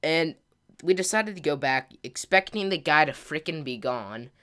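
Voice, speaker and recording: A man hosting a gaming channel who tells a casual story over gameplay. He rambles, packs his talk with filler words and mild slang, and gets louder as the story builds. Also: fairly high pitch, moderate pace. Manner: grows louder and more excited as the story climaxes.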